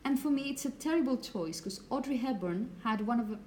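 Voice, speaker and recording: A woman teacher giving a relaxed, hesitant lecture with frequent check-ins, whose first language is Spanish. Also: fairly high pitch, fairly quick, slight background noise, poor audio. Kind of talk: recorded lecture.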